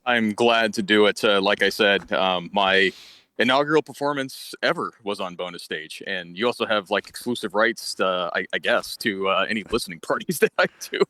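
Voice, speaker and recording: A man's voice: on the low side, moderate pace, bright, forceful tone, dry recording. A man talking as a guest musician on a live stream, chuckling and self-deprecating in casual chat.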